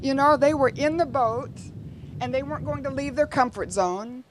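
A woman delivers a sermon in a relaxed, conversational style, turning often to her listeners with quick asides. Her voice sits a little high, with a faint hiss of noise behind it. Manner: conversational preaching with rhetorical asides. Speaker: preacher.

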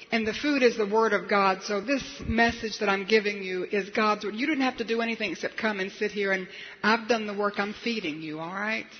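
A man with a high voice preaches a storytelling sermon, building to emphatic peaks. He retells scenes with animated energy. The recording sounds dull and lo-fi, with faint hiss underneath.

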